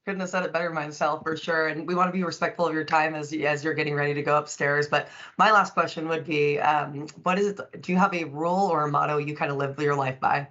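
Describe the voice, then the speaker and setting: A woman co-hosting an interview show, thanking the guest politely and asking a final question in a friendly, quick way. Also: low-pitched, fairly even intonation, fairly bright tone. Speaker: podcast co-host. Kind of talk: interview wrap-up. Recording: dull lo-fi sound.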